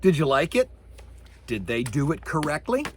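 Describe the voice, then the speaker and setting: A man's voice: on the high side, normal speed, slight background noise. A middle-aged man teaching a college lecture on sound, joking and acting out sound effects as he goes. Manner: animated, jokey, acts out sounds and voices. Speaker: college communications professor. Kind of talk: recorded lecture.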